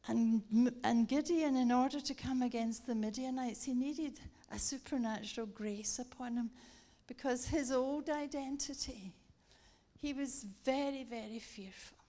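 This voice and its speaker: A woman preaching a sermon, telling a lively story and acting it out with laughter. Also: high-pitched, measured pace. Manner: animated, acts out the story with laughter.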